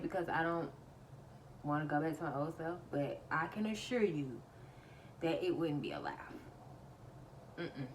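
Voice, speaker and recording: A woman's voice: deep voice, measured pace, pauses often, far from the mic, a little hiss or hum, low-quality recording. A woman casually telling her viewers a story, laughing often as she retells it. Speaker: vlogger.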